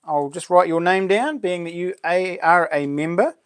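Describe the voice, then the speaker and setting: A man's voice: high voice, normal speed, smooth. Chatty New Zealand man hosting a livestream. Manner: chatty, reads out viewer names and greets them warmly. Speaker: livestream host. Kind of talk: casual live-stream chat.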